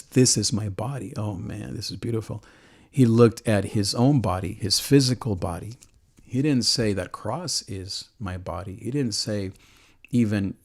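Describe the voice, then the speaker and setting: An earnest man with a lowish voice talks with deep emotion, close to tears at times. He preaches warmly and loosely, restarting his phrases and laughing softly now and then. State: choked with emotion. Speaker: host. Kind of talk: emotional call-in show monologue on faith.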